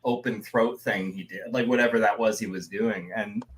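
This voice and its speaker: A man co-hosting a casual podcast, an artist telling stories with lively quoted voices. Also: lowish voice, normal speed, slight background noise. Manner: animated storytelling with quoted voices. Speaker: podcast co-host, comic artist. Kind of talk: casual chat.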